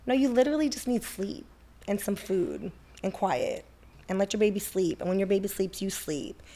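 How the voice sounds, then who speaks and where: Blunt, playful mom giving advice. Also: female voice, mid-range voice, normal speed, warm tone. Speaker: guest mother. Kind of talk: casual advice chat.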